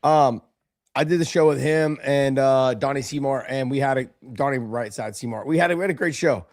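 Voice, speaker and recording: A man's voice: medium pitch, a little fast, a little mellow, dry recording, studio quality. A man hosting a sports podcast, telling loose, rambling stories in casual chat. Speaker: podcast host.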